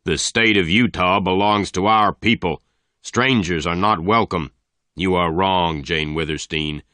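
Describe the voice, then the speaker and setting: Menacing rancher villain read by a man, very deep voice, slow threats, dry sound. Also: bright, forceful tone, no echo. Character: tall dark menacing male rancher, angry.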